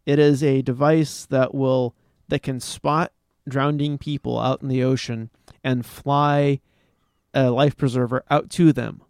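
A man co-hosting a casual news podcast, explaining stories haltingly with many restarts and frequent laughs. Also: mid-range voice, little pitch movement, darkish tone, smooth, no room sound, clean studio sound. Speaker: podcast co-host. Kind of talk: casual chat.

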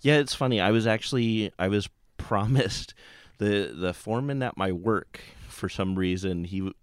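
A man's voice: lowish voice, moderate pace, smooth, no echo, clean studio sound. A man talking as a guest on a casual chat, telling stories in a hesitant, wry way.

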